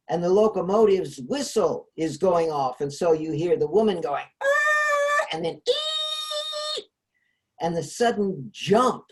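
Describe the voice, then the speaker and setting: A man talks through ideas in a relaxed discussion, his pitch rising and falling a lot. He hesitates often as he explains. The sound comes from a video call. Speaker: host. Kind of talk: casual discussion.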